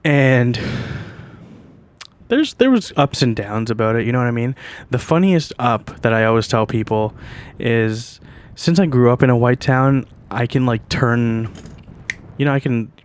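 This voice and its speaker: A man's voice: mid-range voice, lively intonation, a little slow, smooth. Profane young Canadian man telling stories. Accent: Canadian English. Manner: profane, loose, heavy on "like" and "you know what I mean". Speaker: podcast host. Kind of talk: casual storytelling monologue.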